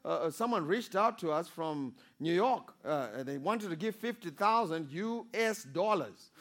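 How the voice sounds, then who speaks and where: A man preaching a sermon as pastor, calling for amens and swinging between loud exhortation and quiet storytelling. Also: fairly high pitch, animated, a little slow. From Zimbabwe. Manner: preaching with rising calls for amen and audience response.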